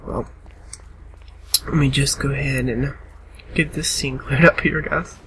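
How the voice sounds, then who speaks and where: A man's voice: mid-range voice, fairly even intonation, measured pace, a bit bright, a little hiss or hum. A tired, yawning man giving casual gameplay commentary and chattily bossing game characters around.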